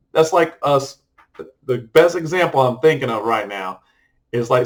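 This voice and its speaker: A man's voice: medium pitch, rough recording. A middle-aged man talking casually to camera in a rambling personal vlog, loose and full of fillers and restarts. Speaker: vlogger.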